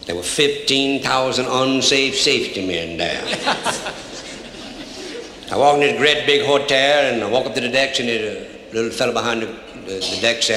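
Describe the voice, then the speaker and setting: A man's voice: mid-range voice, normal speed, bright, forceful tone, slight background noise. An older man with a thick Cajun accent spins folksy tales before a live audience, drawling and bending his grammar on purpose. His voice rings through a roomy hall with a long reverb tail, and a faint room murmur sits underneath. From Louisiana. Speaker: storyteller. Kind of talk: live comedy storytelling.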